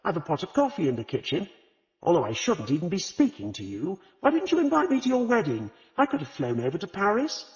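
A man's voice: high-pitched, wildly swooping pitch, brisk, voice pushed up. A man doing a prickly, brash middle-aged woman. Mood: indignant. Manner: sharp, indignant, sulky. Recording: reverberant, slightly dull audiobook recording.

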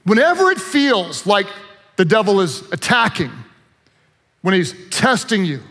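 High-voiced pastor preaching in a hall. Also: male voice, a little slow. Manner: animated storyteller, joking asides. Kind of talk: sermon.

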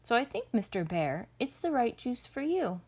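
A woman's voice: on the high side, very animated, moderate pace, a little mellow. A woman voicing a clever male rabbit who talks in a sly, persuasive way in a storybook read-aloud. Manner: sly, smooth-talking, persuasive.

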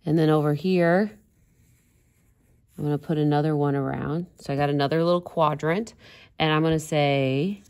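A woman's voice: low voice, fairly even intonation, normal speed, pauses often, darkish tone, clean tone. A woman art teacher giving a casual drawing demonstration, chatty and giggling at her own jokes.

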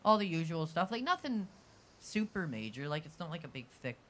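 A man chatting as a guest musician, laid-back and soft-spoken. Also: a little high, very animated, brisk. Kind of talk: casual chat. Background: guitar music.

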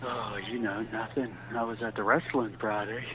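A man doing a hushed, creepy fan caller. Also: lowish voice, fairly even intonation, moderate pace, a little hiss or hum, low-quality recording. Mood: breathy. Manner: bossy and suggestive. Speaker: prank caller.

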